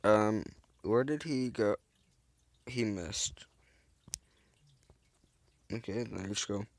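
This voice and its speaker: A man's voice: lowish voice, slow pace, no echo. A man giving casual, goofy, rambling commentary while playing a game, joking about himself and making silly sound effects. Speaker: gameplay video host. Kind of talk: casual let's-play commentary.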